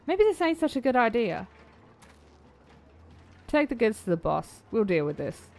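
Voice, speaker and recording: A woman voicing a brash male bandit who threatens and sneers in a roughened voice. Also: on the low side, very animated, moderate pace, darkish tone. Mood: uneasy.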